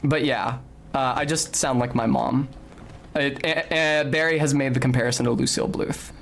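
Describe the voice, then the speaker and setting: A man's voice: mid-range voice, steady tone, normal speed, creaky, fairly bright tone, soft background music. A young man giving casual, articulate commentary while playing a video game, with a slightly academic-sounding manner and bursts of swearing and yelps. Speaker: streamer.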